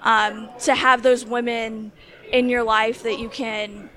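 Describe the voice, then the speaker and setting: A woman's voice: fairly high pitch, flat delivery, slow, pushed and bright. A young woman speaking earnestly and gratefully as an interview guest. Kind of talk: casual interview chat.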